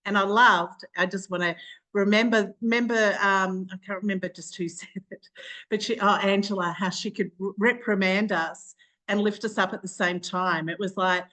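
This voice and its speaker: A woman's voice: medium pitch, fairly even intonation, normal speed, sharp tone. A woman hosting a group video call, talking in an effusive, gushing, rambling way. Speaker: call host.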